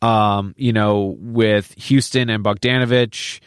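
A man's voice: on the low side, fairly even intonation, slow, clear, resonant tone, no echo, studio quality. A man co-hosting a podcast, talking casually about a film, candid and profane, with many fillers and restarts. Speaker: podcast co-host.

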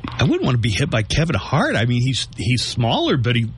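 Lively-voiced man in casual chat. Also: mid-range voice, a little hiss or hum. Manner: joking, rambling, drawn-out musing. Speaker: podcast co-host.

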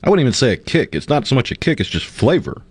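A man co-hosting a show, tasting food and chatting in a relaxed, easygoing way. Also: mid-range voice, fast, husky, no echo. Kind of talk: casual on-air chat.

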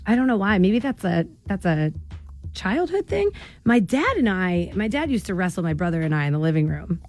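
A woman's voice: on the low side, sing-song, normal speed, faint music behind. A young woman hosting morning radio chat in a studio, bubbly and teasing, laughing often. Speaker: radio show host.

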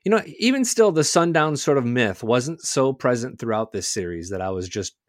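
A man's voice: medium pitch, animated, normal speed, no room sound, clean studio sound. A man co-hosting a podcast, recapping a TV show in casual, conversational chat with lots of hedging words. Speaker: podcast co-host.

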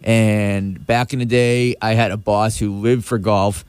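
A man's voice: fairly low pitch, flat delivery, unhurried, darkish tone, smooth, no room sound. A man hosting a radio show, chatting casually with plenty of restarts and asides, recorded on a studio microphone. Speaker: radio host.

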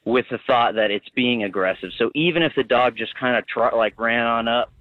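A young man calling in to a radio talk show, halting and searching for words as he explains. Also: mid-range voice, no echo. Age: young adult. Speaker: caller. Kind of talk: call-in radio chat. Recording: tinny phone line.

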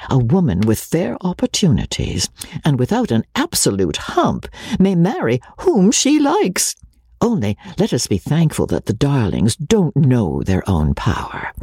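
A man narrating a classic novel in a breathy voice, often sinking to a near-whisper. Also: mid-range voice, huge pitch swings, measured pace, a little mellow, no echo, studio quality. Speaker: audiobook narrator. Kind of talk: storybook narration.

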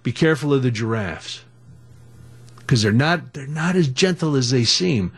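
A middle-aged man hosting a radio talk show, telling a story in a chatty, animated way. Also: mid-range voice, moderate pace, husky. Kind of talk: casual storytelling.

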